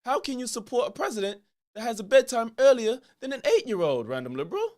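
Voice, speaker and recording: A man's voice: very high-pitched, very animated, quick pace, a little mellow, pitched above the performer's own voice. A man putting on a shaky British accent to play a smug, bombastic pro-Trump TV host who talks over his guest in a parody sketch. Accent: attempted British.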